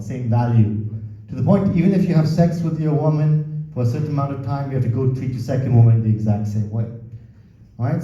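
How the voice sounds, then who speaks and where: A man's voice: mid-range voice, dark tone. A man doing a crude, swearing stand-up comedy set, working the crowd in a casual, chatty way. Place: comedy club stage. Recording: roomy, distant, dull club recording.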